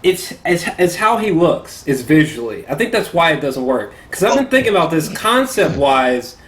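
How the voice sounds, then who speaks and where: Animated laughing man moderating a debate. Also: fairly high pitch, moderate pace. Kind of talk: casual movie debate.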